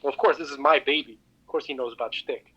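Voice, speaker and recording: A man's voice: medium pitch, fast talker, fairly bright tone, breathy edge, dull audio. A man co-hosting a casual podcast over an online call, rambling and joking with stammered restarts. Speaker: podcast co-host. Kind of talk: casual chat. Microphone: online call with cheap mic.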